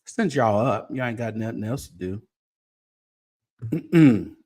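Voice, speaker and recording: Animated, unhurried man hosting a livestream. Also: medium pitch. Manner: chatty, teasing, drawn-out exclamations, talks to viewers. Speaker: show host. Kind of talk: late-night livestream gossip commentary.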